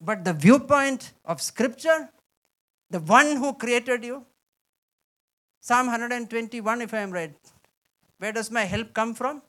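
A man preaching a sermon, reading scripture with slow, heavy stress and mixing quiet asides with loud exclamations. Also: very high-pitched. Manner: emphatic, reads scripture aloud with slow dramatic stress.

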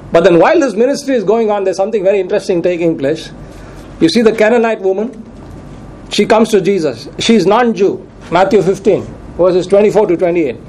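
High-voiced preacher man, questioning. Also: darkish tone, slight background noise, low-quality recording. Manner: repeats questions to the congregation for emphasis; reads scripture aloud with verse references. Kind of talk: sermon.

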